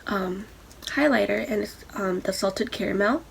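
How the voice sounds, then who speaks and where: A young woman telling a rambling, excitable story while doing her makeup for a vlog. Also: medium pitch, moderate pace, creaky, slight background noise. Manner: rambling, excitable, lots of fillers. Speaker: beauty vlogger.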